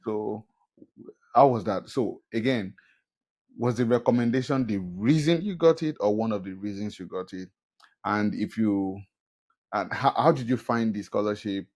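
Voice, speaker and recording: A man's voice: lowish voice, normal speed, darkish tone. A man hosting a podcast, asking a guest probing follow-up questions and adding brief backchannels. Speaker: podcast host. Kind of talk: interviewing a guest.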